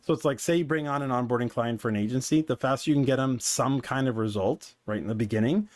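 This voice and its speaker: A man who coaches businesses, talking through his points in a loose, rambling commentary full of fillers. His voice sits at a mid pitch, and the recording is dry and close with no room sound. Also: fast talker, a little mellow, dry recording. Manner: conversational, digressive, filler-heavy. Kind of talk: casual commentary.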